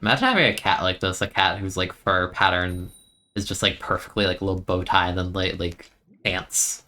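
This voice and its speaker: A man's voice: low voice, a little fast, bright, forceful tone. A young man streaming a video game, chatting in a rambling, easygoing way and laughing often. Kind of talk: casual gameplay commentary.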